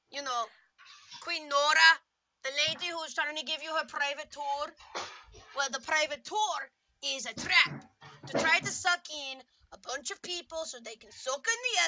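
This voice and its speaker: A woman runs a tabletop game as dungeon master, narrating with playful asides. Her voice is high and bright. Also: normal speed, dry recording.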